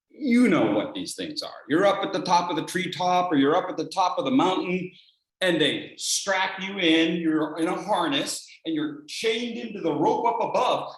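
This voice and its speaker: A speech contest speaker with a mid-range voice tells a dramatic personal story, acting out each scene. The delivery rises and falls widely, dropping to near-whispers and climbing to shouts. The voice rings with the echo of a roomy meeting room. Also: mid-range voice. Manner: animated, acts out scenes, shifts from hushed to shouting.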